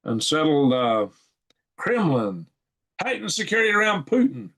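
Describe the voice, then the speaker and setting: A man's voice: on the high side, sing-song, normal speed, a bit bright. A man hosts his channel, reading news articles off a shared screen and commenting in a rambling way, chuckling and thinking aloud as he goes. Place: at home at a computer.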